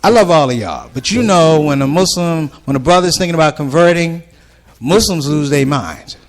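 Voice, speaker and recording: A stand-up comedian tells stories to a live ballroom audience in a casual, conversational, animated style, slipping in and out of character voices. His voice is a little high at normal speed.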